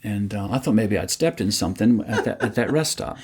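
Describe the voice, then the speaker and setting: A man's voice: lowish voice, lively intonation, fairly quick, a little mellow, breathy edge. An older man hosting a music program, telling folksy, joking stories between songs. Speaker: radio-style music show host. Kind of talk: casual music show chat.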